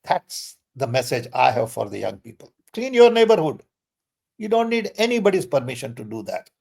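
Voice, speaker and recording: An older man speaking as a guest in a relaxed question-and-answer session. He sounds insistent and emphatic, with his voice leaping up to drive each point home. His pitch sits in an ordinary middle range. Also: normal speed, creaky, husky. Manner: emphatic, insistent, sudden rises in pitch for stress. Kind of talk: conversational Q&A.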